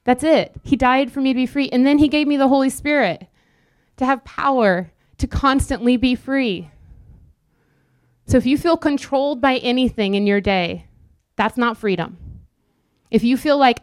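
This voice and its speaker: A young woman delivers a sermon in an earnest, conversational style, breaking into quick asides. Her voice is smooth, resonant and high-pitched, and the sound is dry with no room echo.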